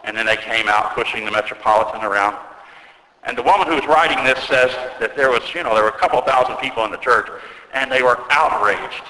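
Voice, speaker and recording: A man preaching an earnest sermon as an Orthodox priest, telling a story and slowing down to stress key words. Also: medium pitch, bright, forceful tone. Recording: echoey church with long reverb.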